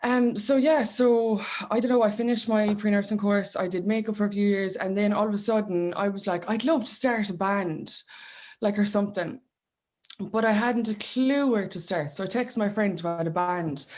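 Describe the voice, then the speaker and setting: A woman's voice: medium pitch, normal speed, darkish tone. Chatty woman with a Clare accent. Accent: Clare Irish. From Ireland. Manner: chatty, laughs often, rambling with fillers. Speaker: guest singer. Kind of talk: casual radio interview chat.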